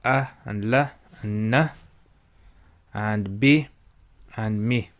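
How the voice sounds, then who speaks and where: Slow, patient male reading teacher. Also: fairly low pitch. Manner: patient, repeats syllables and stretches vowels for learners. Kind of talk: slow step-by-step lesson.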